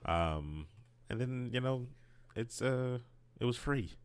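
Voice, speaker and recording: A man co-hosting a casual podcast chat, rambling and halting with frequent restarts. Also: medium pitch, lively intonation, smooth. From United States. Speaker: podcast co-host.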